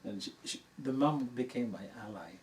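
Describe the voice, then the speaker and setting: An older man, a dharma teacher, telling a personal story to an audience in a relaxed, anecdotal way and laughing at his own tale. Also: medium pitch, normal speed. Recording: distant mic in a room with faint noise.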